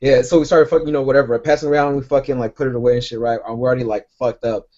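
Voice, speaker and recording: A man's voice: mid-range voice, little pitch movement, very fast, warm tone, lo-fi sound. A man co-hosting a podcast, telling a long rambling story full of profanity in casual chat. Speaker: podcast co-host.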